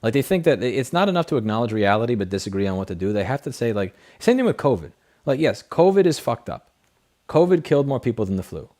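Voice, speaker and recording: A man's voice: medium pitch, big pitch swings, fast talker, darkish tone. A man hosting a casual late-night livestream, reading chat questions and answering in a blunt, profane, rambling way through a desk microphone.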